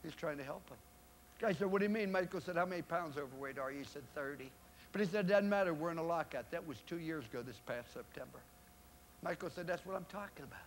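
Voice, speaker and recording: An older man, a football coach, giving a motivational speech to a live audience in a room. He tells anecdotes and acts out the quoted exchanges, with sudden loud rises and quiet drops. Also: on the high side, fast talker, a little hiss or hum.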